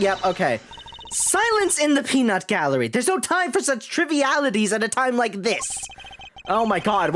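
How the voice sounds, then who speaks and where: A woman streaming a video game live, chatting casually with her viewers, laughing often and swearing freely. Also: very deep voice. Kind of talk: casual live-stream commentary while playing.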